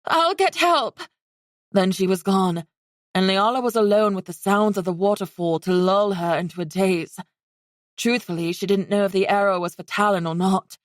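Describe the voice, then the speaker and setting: A woman narrating a fantasy romance audiobook in a steady, even storytelling way. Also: medium pitch, dry recording, studio quality.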